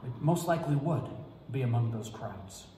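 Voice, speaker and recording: A man preaching as pastor in a Good Friday sermon, reading scripture in a slow, measured, solemn way. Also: medium pitch, animated, dark tone, a little hiss or hum. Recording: echoey church hall reverb.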